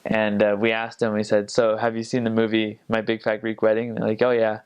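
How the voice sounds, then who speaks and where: A young man with a lowish voice telling stories from his time abroad, wandering through thoughts with lots of "like" and "um". He talks in a casual way and trails off and restarts often. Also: completely flat delivery, fairly quick, clear, resonant tone, highs cut off. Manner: rambling, many fillers and restarts, imitates accents. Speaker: returned missionary. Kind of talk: casual storytelling.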